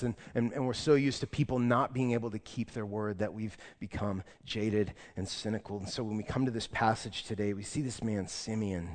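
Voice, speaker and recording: A young man preaching a sermon in a church, telling a story casually and then turning earnest. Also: fairly low pitch. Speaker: pastor. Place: church sanctuary. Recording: long reverb of a large church room.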